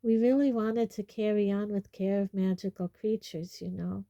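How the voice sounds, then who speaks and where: A woman's voice: mid-range voice, steady tone, moderate pace, warm tone, dry recording, muffled recording, close to an everyday voice. A woman voicing an anxious teenage girl witch who speaks nervously and timidly.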